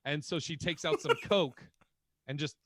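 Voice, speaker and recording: A man's voice: on the high side, normal speed, no echo. A man co-hosting a comedy podcast, joking and swearing as he spins hypothetical scenarios. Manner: joking, profane, sets up scenarios. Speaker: podcast co-host. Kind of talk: casual comedic chat.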